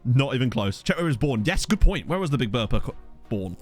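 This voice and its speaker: A man's voice: mid-range voice, big pitch swings, fast, music in the background. A man doing live-stream commentary on a game, chatty and giggly, swearing freely into a desk microphone. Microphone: desk USB condenser mic.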